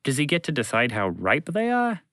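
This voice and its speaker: A man's voice: mid-range voice, wildly swooping pitch, moderate pace, a bit bright, no echo, studio quality. A man voicing curious children who keep interrupting a story with nitpicking questions. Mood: questioning. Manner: inquisitive, pestering questions.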